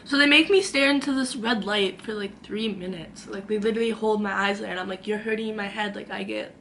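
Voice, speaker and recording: A woman's voice: medium pitch, steady tone, a little fast, a bit bright, a little hiss or hum. A young woman vlogging from her own room, telling a dramatic story in a chatty way and acting out the quotes. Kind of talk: storytime vlog.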